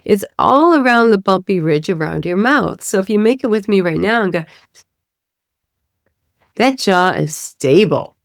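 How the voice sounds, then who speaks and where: A woman's voice: mid-range voice, expressive, unhurried, no echo, studio quality. A woman speech-language pathologist explaining a therapy method, demonstrating sounds and checking in with "right?". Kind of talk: teaching podcast explanation.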